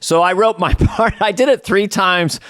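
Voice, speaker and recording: A man's voice: high voice, moderate pace, fairly bright tone, no echo. A man co-hosting a casual chat, laughing often and chiming in. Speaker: co-host.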